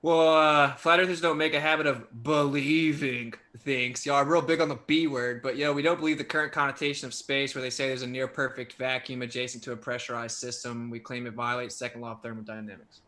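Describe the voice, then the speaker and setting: Man, debater, casual and loose, bright sharp voice. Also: medium pitch, steady tone, a little fast, few pauses.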